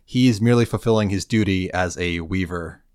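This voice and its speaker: A man co-hosting a podcast, calmly narrating the steps of a game quest with dry, understated remarks. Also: deep voice, fairly quick, smooth, no room sound. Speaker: podcast co-host. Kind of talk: casual chat recapping a game questline.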